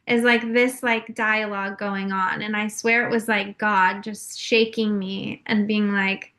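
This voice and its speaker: Speaking slowly, with a bright, pushed, fairly high voice that stays steady, a young woman from California shares her own story as a podcast guest. She's candid and confessional, filling her speech with frequent fillers.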